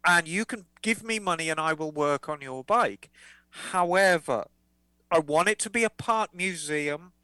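A woman's voice: low-pitched, lively intonation, unhurried, fairly bright tone, no room sound, rough recording. A woman co-hosting a motorcycle podcast, reading listener letters aloud in a chatty, playful way. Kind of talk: casual podcast chat.

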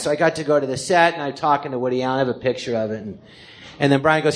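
A man telling a comic story live on stage, animated and rambling, acting out the voices of the people he quotes. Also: fairly high pitch, quick pace.

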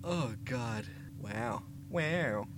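A man's voice: expressive, drawn-out words, noisy background. A man co-hosting a comedy podcast in casual chat, often breaking into laughter. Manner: giggly, breaks into high laughs. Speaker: podcast co-host.

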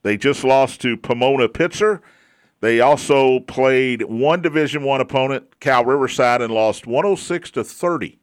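A man's voice: medium pitch, moderate pace, clean tone, no room sound, clean studio sound. An American man hosting a sports talk radio show, rattling off scores and records with a wry edge. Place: radio studio. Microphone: studio mic.

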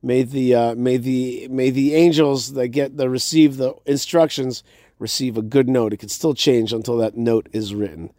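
A man hosting his own show, talking in a relaxed, halting way with many pauses. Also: medium pitch, dry recording, studio quality. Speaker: radio show host. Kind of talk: casual chat. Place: home sukkah.

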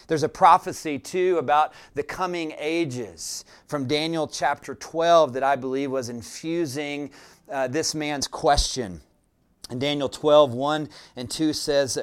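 A man preaching a sermon as pastor, speaking in a deliberate, reflective way with frequent "uh" fillers. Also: a little high, smooth.

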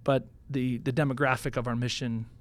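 A man, a Catholic priest, speaking as a podcast guest in a measured, earnest way with the odd light joke. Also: medium pitch, little pitch movement. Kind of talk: conversational podcast interview.

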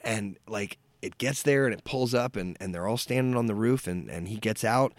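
A young man co-hosting a casual podcast, retelling a horror film plot in an animated, profane way and acting out quotes. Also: on the low side, normal speed, no room sound. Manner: animated storyteller, swears freely, acts out quotes. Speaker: podcast co-host. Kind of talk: casual movie recap chat.

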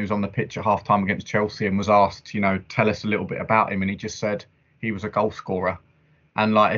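A man's voice: lowish voice, a bit bright, muffled recording. A man hosting a football podcast, talking earnestly with fillers and repeats. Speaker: podcast host. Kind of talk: casual football chat.

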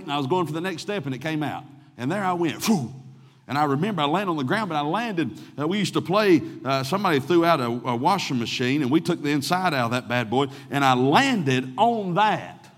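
A middle-aged man preaching a sermon, telling folksy personal stories and swinging from loud to hushed. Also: fairly high pitch, expressive, brisk, in a large hall.

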